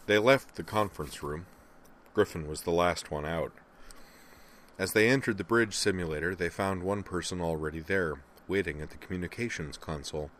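A man narrating a novel as an audiobook, in a steady storytelling delivery. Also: deep voice, normal speed. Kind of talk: scripted narration.

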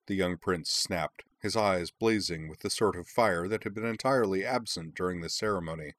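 A man narrating a fantasy story in a measured, expressive storytelling manner. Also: sits low, no room sound. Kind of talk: audiobook narration.

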